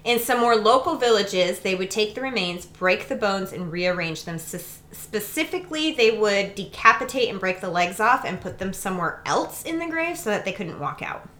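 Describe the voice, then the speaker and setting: A woman co-hosting a casual podcast chat, from New England, telling stories with quick asides. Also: mid-range voice, expressive, fairly bright tone. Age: adult. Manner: chatty storyteller, quick asides. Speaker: podcast co-host.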